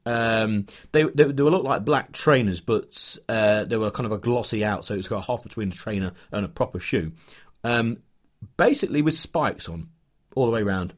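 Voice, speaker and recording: A man's voice: fairly low pitch, lively intonation, moderate pace. A man from England co-hosting a football podcast, telling a rambling story full of fillers and restarts. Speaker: podcast co-host, football fan. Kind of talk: casual chat, storytelling.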